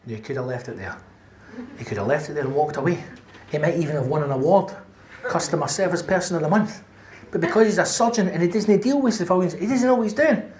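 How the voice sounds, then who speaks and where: A man's voice: fairly high pitch, expressive, quick pace, darkish tone. A Glaswegian man doing a stand-up comedy set, telling brash, sweary stories and tagging lines with "right?". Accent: Scottish, Glasgow. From Scotland. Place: comedy venue on stage. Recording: roomy live club with faint noise.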